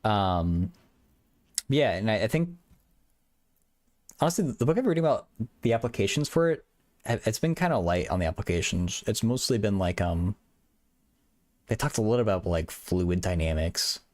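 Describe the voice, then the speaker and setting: A man's voice: lowish voice, expressive, normal speed, long pauses, darkish tone, no room sound. A young man hosting a livestream, chatting casually with viewers, stuttering and repeating words, from a small apartment bedroom. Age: young adult. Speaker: livestream host.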